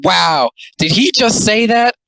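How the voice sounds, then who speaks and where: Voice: mid-range voice, expressive, takes it slowly, gravelly, pushed and bright, no echo, rough recording. A speaker giving casual, rambling, sarcastic commentary on comics, full of filler words. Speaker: commentary host.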